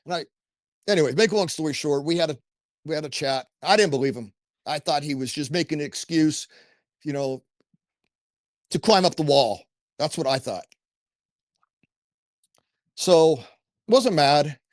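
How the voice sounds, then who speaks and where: A man's voice: on the high side, expressive, normal speed, long pauses, no echo, studio quality. A middle-aged man telling a personal story as a podcast guest, earnest and rambling, with restarts and asides. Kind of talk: casual first-person storytelling.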